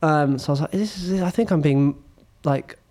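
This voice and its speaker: A man's voice: a little high, normal speed. A young man in his twenties, hosting a podcast and telling an anecdote with acted-out quotes and frequent laughter. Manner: animated anecdote teller, acts out quotes, laughs often. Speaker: podcast host. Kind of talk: casual chat, storytelling.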